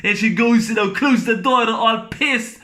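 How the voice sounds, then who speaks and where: A man's voice: very high-pitched, unhurried, pushed and bright. A man giving a casual, rambling spoken film review. He is enthusiastic, halts over fillers and restarts, and laughs often as he retells scenes. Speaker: movie reviewer.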